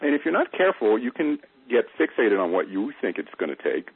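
A man's voice: medium pitch, sing-song, brisk, husky, no room sound. A middle-aged man giving a conversational slide presentation, telling stories with fillers as he goes. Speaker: presenter, internet entrepreneur. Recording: dry tinny phone-like line.

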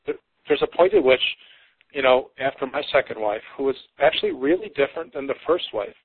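A man's voice: medium pitch, lively intonation, fairly quick, husky, dry recording. A psychotherapist in his fifties, a podcast guest, talking earnestly and reflectively, often stopping and restarting. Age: 50s. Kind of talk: conversational interview. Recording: tinny phone-like line, dry.

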